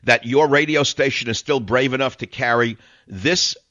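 A man's voice: mid-range voice, moderate pace, bright, forceful tone, dry recording, highs cut off. An older man hosting a call-in radio talk show, speaking emphatically and preachily, repeating phrases for effect. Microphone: studio broadcast mic.

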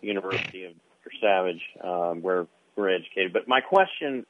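Hesitant low-voiced male phone caller. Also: expressive, normal speed. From California. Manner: hesitant, with many fillers. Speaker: radio caller. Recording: tinny phone line, distant.

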